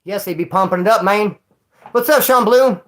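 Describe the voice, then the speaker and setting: Male streamer, rambling storyteller, street slang and swearing, swings from loud to muttered. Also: sits high, normal speed, rough recording. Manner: jumps between loud bursts and mutters. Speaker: livestreamer. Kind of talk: casual storytelling to a live chat.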